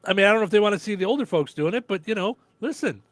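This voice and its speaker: A man's voice: sits high, animated, racing, dry recording. An older man co-hosting a casual chat show, trading dry, teasing quips. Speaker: show co-host. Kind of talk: casual banter.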